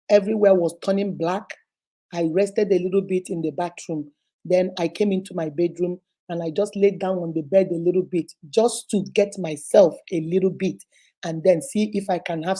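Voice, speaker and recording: A woman's voice: on the low side, mellow. A woman reading a listener's letter aloud on her relationship advice show, telling it dramatically and acting out the voices in it.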